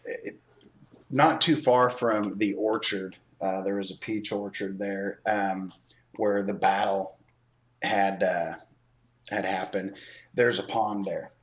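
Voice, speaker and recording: A man co-hosting a casual podcast, telling a story slowly with many pauses and filler words. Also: on the low side, fairly even intonation. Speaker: podcast co-host.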